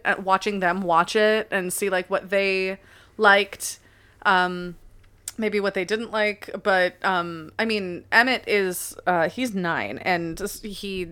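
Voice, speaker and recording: A woman's voice: mid-range voice, sharp tone, clear, resonant tone. A woman in her twenties, chatty and laughing easily as she shares her take in a casual podcast chat. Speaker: podcast co-host.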